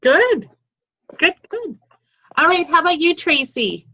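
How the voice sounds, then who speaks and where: A woman's voice: extremely high pitch, sing-song, a little slow, bright, forceful tone, dull audio. A woman hosting a group video call, upbeat and encouraging with her team. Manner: enthusiastic, encouraging.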